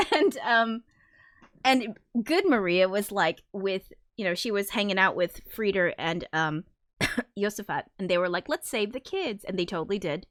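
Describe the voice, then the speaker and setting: A woman's voice: mid-range voice, moderate pace, fairly bright tone, no room sound, clean studio sound. A woman hosting a casual livestream, chatting in a rambling, giggly way with many fillers. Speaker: livestream host, musician.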